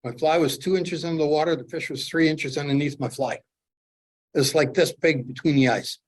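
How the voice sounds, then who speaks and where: A middle-aged man from Canada telling lively fishing stories while demonstrating fly tying to a club audience. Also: a little high, moderate pace, a little hiss or hum. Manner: animated storyteller, acts out his own excitement. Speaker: fly tier, presenter.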